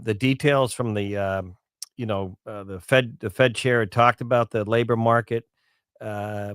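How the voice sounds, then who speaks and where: Brief: male talk radio host, mid-pitched, rambling commentary, dry close mic. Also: dry recording. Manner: conversational, rambling with fillers and repeats.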